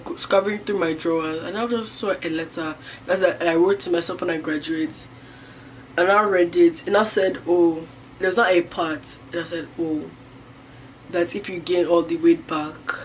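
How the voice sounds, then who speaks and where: A woman's voice: on the low side, a little hiss or hum. Young woman telling a personal story. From Niger. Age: young adult. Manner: rambling, filler-heavy, swinging between loud outbursts and hushed near-whispers. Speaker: vlogger. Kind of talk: casual personal storytelling to camera.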